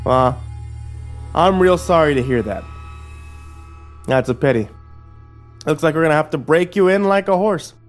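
A man's voice: a little high, normal speed, long pauses, soft background music, voice pushed up, close to an everyday voice. A man voicing a cruel middle-aged male sheriff in a horror story, speaking with a mocking, contemptuous drawl.

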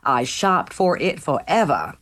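A woman's voice: low-pitched, big pitch swings, unhurried, fairly bright tone, heavily acted. A woman voicing a chatty, theatrical teen boy friend in an audiobook, with a gushing, teasing delivery. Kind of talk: audiobook character voice.

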